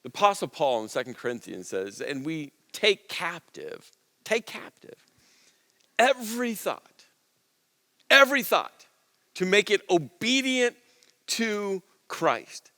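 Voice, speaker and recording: A man preaching a sermon in an earnest, conversational way, dropping to soft low asides and rising for emphasis. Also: long reverb tail. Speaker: pastor.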